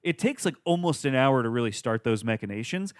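A man co-hosting a casual movie podcast, thinking aloud and restarting phrases as he works out his point. His pitch is moderate, neither high nor low. The sound is dry and close to the mic. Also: expressive, a little fast, dry recording. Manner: thoughtful, searching for words, eager agreement.

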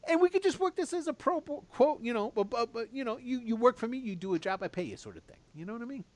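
A man voicing a chatty male tavern boss in a tabletop game, talking in quick salesman patter. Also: very high-pitched, big pitch swings, darkish tone, pitched above the performer's own voice. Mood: wheedling.

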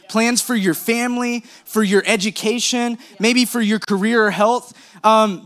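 A man with a high voice speaks to a congregation. His delivery is upbeat and friendly, with light jokes between his points. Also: fairly bright tone. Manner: upbeat, jokey preaching. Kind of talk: sermon.

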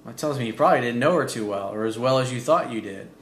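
A man's voice: medium pitch, expressive, fast talker. A man giving blunt, profane dating advice while reading out a listener's letter. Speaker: dating coach. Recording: roomy echo.

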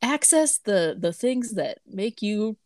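A woman co-hosting a podcast who recaps a cartoon episode in casual chat, sarcastic and quick to mimic the characters in silly voices. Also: medium pitch, big pitch swings, a little mellow, dry recording. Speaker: podcast co-host.

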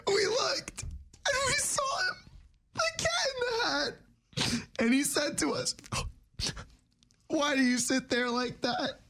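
Distraught sobbing reader, high wail, a man faking it. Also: expressive, takes it slowly, long pauses, bright, forceful tone, full character voice. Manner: wailing, breaking into sobs.

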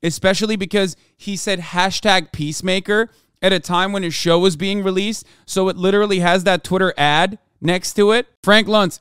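A man's voice: high-pitched, steady tone, normal speed, fairly bright tone, clean tone, no room sound, studio quality. A man hosting a podcast, reading tweets aloud and mocking them in a sarcastic, profane comedic commentary. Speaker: podcast host.

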